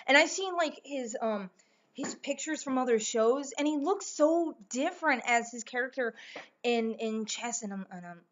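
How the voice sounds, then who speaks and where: Woman vlogger, casual gushing chat, slightly high voice, dull lo-fi sound. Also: lively intonation, moderate pace. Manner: gushing, full of fillers and restarts. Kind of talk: casual rambling vlog chat.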